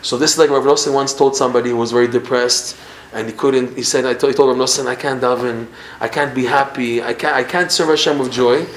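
Animated man teaching in an echoey room. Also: medium pitch, fast talker, slight background noise. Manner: animated, acts out examples, repeats himself. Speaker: Torah teacher. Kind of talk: Torah class. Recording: roomy echo with faint ambience.

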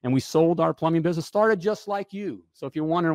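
A man coaching plumbers in a casual, joking sales pitch, often checking in with "all right?". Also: fast talker, a little mellow, no echo, studio quality. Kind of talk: casual promotional pitch to camera.

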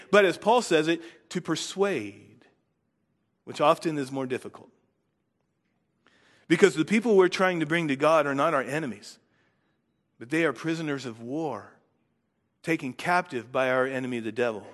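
A man preaching a sermon as pastor, earnest, building force on key words and dropping soft at phrase ends. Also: fairly high pitch, expressive, a little slow, long pauses, big-room sound.

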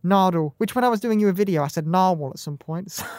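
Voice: mid-range voice, fast, darkish tone, no room sound. A podcast co-host with a mid-range voice, chatting casually, stumbling and restarting sentences and laughing along. The recording is dry and close.

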